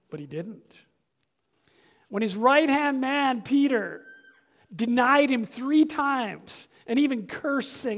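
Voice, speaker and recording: High-voiced preacher swinging hushed to shouting. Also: male voice, lively intonation, a little slow. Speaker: pastor. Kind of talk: sermon.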